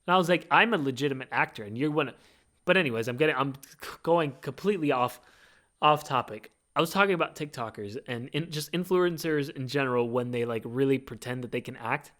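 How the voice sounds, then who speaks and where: A man hosting his own podcast, talking in an animated, rambling casual monologue full of fillers. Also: medium pitch, brisk. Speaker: podcast host.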